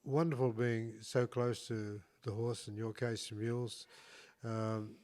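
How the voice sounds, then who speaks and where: A man's voice: medium pitch, fairly even intonation, a little slow, a little mellow. A man hosting a talk show, telling rambling, reflective stories in a casual conversation, often restarting his sentences.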